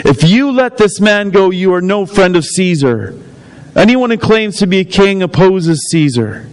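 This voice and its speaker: An insistent crowd of accusers demanding a sentence, read aloud by a man. The lines are lifted higher and pushed harder than his reading voice. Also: very animated, normal speed, a little hiss or hum. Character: angry crowd of accusers, men.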